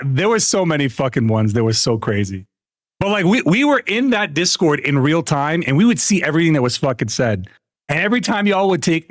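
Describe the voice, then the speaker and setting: A man's voice: fairly high pitch, dry recording, studio quality. A man on a live stream telling gaming stories in casual chat, swearing often and laughing between lines. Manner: animated storytelling, swearing, frequent laughter.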